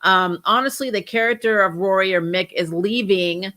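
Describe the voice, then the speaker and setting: Bright-voiced woman with a stuffy cold. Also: medium pitch, normal speed. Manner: chatty, rambling, with ums and restarts. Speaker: host of a TV review channel. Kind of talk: casual review chat.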